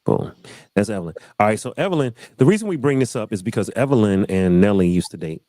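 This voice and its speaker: Casting: low-voiced man hosting a relaxed panel talk, repeats himself, dry close mic. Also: fast, dry recording. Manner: loose, repeats phrases, says y'all. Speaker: host. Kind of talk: casual panel chat.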